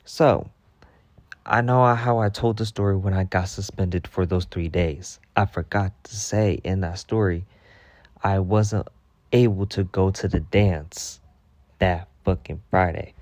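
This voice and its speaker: Man, storytime vlog, heated profane venting, lowish pitch, dry sound. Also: steady tone, a little slow, darkish tone, dry recording. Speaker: storytime vlogger. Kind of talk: ranting storytime monologue.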